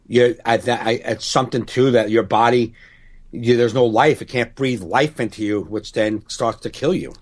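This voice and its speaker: A man's voice: medium pitch, normal speed. A man in a casual podcast chat, speaking earnestly and frankly with some swearing.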